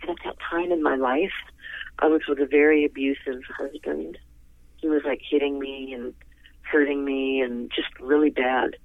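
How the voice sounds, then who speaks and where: A man guest talking on the phone, telling a long story in a rambling, animated way. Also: moderate pace, gravelly, no echo. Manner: animated, rambling, jumps to high pitch in quoted reactions. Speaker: interview guest, singer. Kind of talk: casual storytelling. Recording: tinny phone line.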